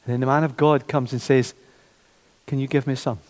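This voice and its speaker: A man preaching a sermon, animated, repeating his phrases and acting out the voices of doubters. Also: medium pitch, a little fast. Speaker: pastor. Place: church. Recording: long church reverb.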